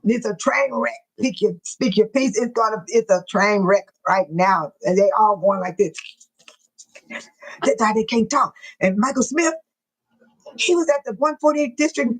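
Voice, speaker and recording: A woman's voice: fairly high pitch, normal speed, low-quality recording. A woman hosting a casual live stream, greeting viewers by name and reading out their comments, often laughing and teasing.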